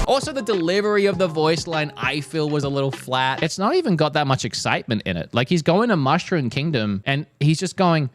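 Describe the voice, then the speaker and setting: A young man talking casually and energetically, reviewing a movie trailer for his stream, with some restarts. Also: fairly high pitch. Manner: lively, animated, frequent restarts. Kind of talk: casual commentary.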